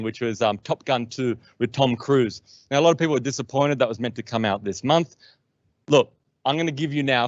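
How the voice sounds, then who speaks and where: Joking Australian comedian emcee. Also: male voice, mid-range voice, no room sound. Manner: chatty, joking delivery. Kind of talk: stand-up comedy routine. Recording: dull, muffled sound.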